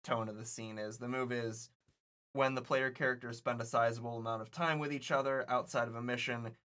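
Bright-voiced man running a tabletop game. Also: medium pitch. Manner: laid-back, swears and laughs often. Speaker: game master. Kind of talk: narrating a tabletop role-playing game.

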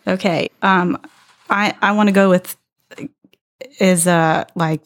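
A woman chatting as a podcast guest, hesitant with fillers and quick to giggle. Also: fairly low pitch, steady tone. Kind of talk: casual chat.

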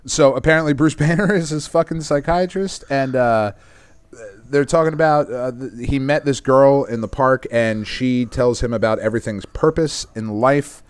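A man's voice: medium pitch, moderate pace, clear, resonant tone, no echo. Podcast host, Texas-raised man, profane rambling recap, dry close sound. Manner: loose, profane, rambling storytelling with laughs. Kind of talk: casual chat.

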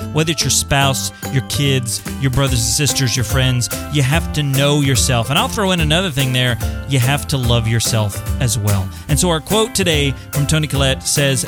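A man hosting a podcast, talking earnestly and encouragingly straight to his listeners. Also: medium pitch. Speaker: podcast host. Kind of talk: podcast monologue.

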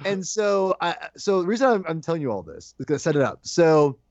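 A man in casual podcast chat, telling an animated story and acting out his own shouted lines. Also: fairly high pitch, fairly quick, dry recording. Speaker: podcast guest co-host. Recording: dull lo-fi dry sound.

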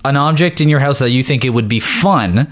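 A man's voice: mid-range voice, brisk. A man with an ordinary mid-range voice hosts a podcast. He talks casually and jokes around, with some swearing as he sets up a segment. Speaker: podcast host. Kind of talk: casual chat.

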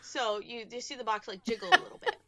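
A woman in casual chat with friends, telling an improvised story in a playful, animated way. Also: on the high side, fast talker, no echo.

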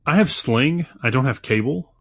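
A man's voice: mid-range voice, animated, moderate pace, breathy edge, dry recording, studio quality. A man co-hosting a podcast, talking casually with lots of stops and restarts. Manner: rambling, many fillers and restarts. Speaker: podcast co-host. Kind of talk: casual chat.

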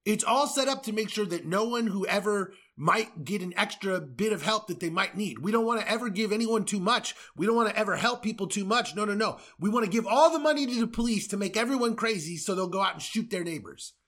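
A man's voice: high voice, animated, fairly quick, hardly any pauses, fairly bright tone. A man from the United States, a podcast host, delivering an angry, profane political rant with sarcastic asides.

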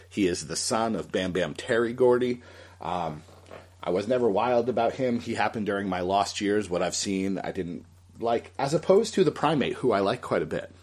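A man's voice: lowish voice, breathy edge. A man hosting a casual solo commentary, rambling and thinking aloud as he corrects himself mid-sentence. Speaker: host.

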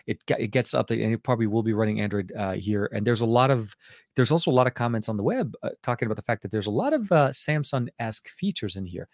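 Man, rambling tech podcast host, low voice, dry close mic. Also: fast, no room sound. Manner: rambling, self-correcting, excited asides. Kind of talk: casual tech podcast chat.

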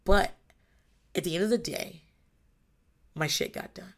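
A woman's voice: on the low side, measured pace. A mother in her thirties talking candidly about parenting, blunt and emphatic, swearing freely. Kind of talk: casual monologue.

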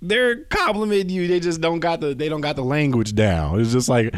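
A man with a slightly high, animated voice hosts a solo podcast from home, talking briskly in a casual monologue. He rambles, swears, and often loses his train of thought, and the recording is dry.

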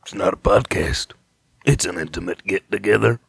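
A man putting on a deep drawling cowboy pitchman. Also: gravelly, breathy edge, no echo, exaggerated voice. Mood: drawling, salesy. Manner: slow drawling sales pitch. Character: smooth-talking male cowboy pitchman, folksy and sure of himself. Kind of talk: comedic character voice on a podcast.

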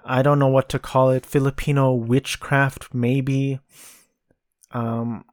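His mid-range voice has a slightly mellow quality, captured dry at studio quality. As a podcast host casually reviewing a film, he hesitates a lot, filling gaps with ums and restarting his thoughts.

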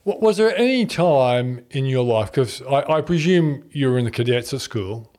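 A man's voice: mid-range voice, expressive, moderate pace, a little mellow. An Australian man hosting a radio interview, chatty and jovial, laughing often as he tells stories. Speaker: radio show host. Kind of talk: casual interview chat.

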